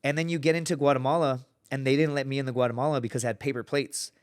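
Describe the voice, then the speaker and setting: Profane, animated man telling a story. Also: mid-range voice, rapid-fire, clear, resonant tone. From United States. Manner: profane, animated, acts out quoted people. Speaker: podcast guest. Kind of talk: casual storytelling.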